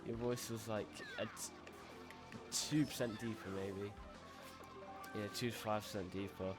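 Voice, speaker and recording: A man's voice: lowish voice, fairly even intonation, unhurried, music in the background. A young man streaming and chatting casually while gaming, laid-back and rambling, often restarting his sentences.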